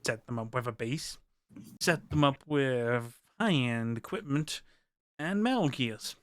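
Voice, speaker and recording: A sly, courtly informant with a smooth, clear voice, put on by a man running a tabletop game. Each line comes out formal and politely sarcastic, recorded close and dry with no room sound. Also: mid-range voice, lively intonation, a little slow, dry recording, close to an everyday voice. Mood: scheming. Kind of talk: game master voicing a character.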